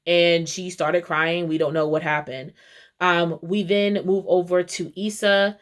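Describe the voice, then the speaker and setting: A woman casually recapping a TV episode, acting out the characters' lines with quick shifts in voice. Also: fairly low pitch. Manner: animated, switching voices for quoted characters. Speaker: TV recap vlogger.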